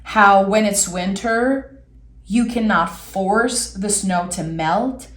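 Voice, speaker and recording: A woman reads tarot cards slowly and gently, her thoughts unfolding in soft, reflective pauses. Her voice sits at an ordinary middle pitch. An echoey room rings around her. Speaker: tarot reader. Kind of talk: intuitive tarot reading.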